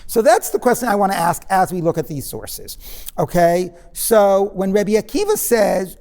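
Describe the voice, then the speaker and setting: A man's voice: sits high, very animated, normal speed, a little mellow. Man lecturing in an echoey hall. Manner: questioning the class, conversational with digressions and fillers. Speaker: rabbi teaching a class. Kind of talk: interactive text-study lecture.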